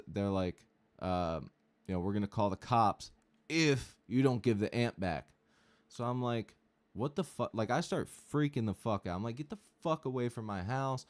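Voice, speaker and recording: A man with a fairly low voice, chatting on his stream about his gear and his old bands. He tells it loosely and profanely, stacking "like" and "uh" as the story runs on. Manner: rambling, profane, animated anecdote with frequent fillers. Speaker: guitarist and streamer. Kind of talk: casual storytelling on a livestream.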